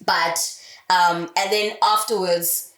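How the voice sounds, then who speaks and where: A woman's voice: lowish voice, steady tone, takes it slowly, a bit bright. A young woman speaking candidly in a casual interview, swearing freely and telling her story with animation. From South Africa. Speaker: radio host guest. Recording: roomy echo.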